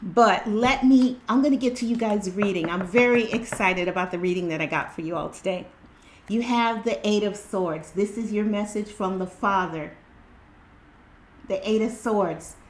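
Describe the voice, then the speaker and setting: A woman giving an excited spiritual tarot reading to her viewers, repeating herself in a preachy way. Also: medium pitch, normal speed, a little hiss or hum. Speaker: tarot reader.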